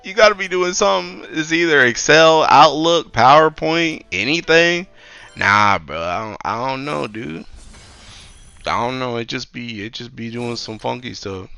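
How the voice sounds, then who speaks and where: Animated, gravelly-voiced man ranting on stream. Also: medium pitch, normal speed, soft background music. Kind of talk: casual chat.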